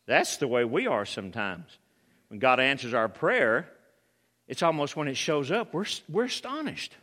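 A man preaching a sermon, acting out reactions with sudden shouts. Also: mid-range voice, big pitch swings, moderate pace, pauses often, in a large hall.

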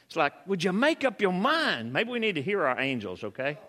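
A man preaching a sermon, acting out reactions with sudden shouts. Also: sits high, huge pitch swings, brisk, few pauses, long reverb tail.

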